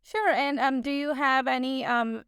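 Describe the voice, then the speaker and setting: Hesitant high-voiced woman host. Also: fairly even intonation, unhurried, fairly bright tone, clean tone, no room sound, clean studio sound. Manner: hesitant, many ums, encouraging. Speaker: podcast host. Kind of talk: casual interview chat.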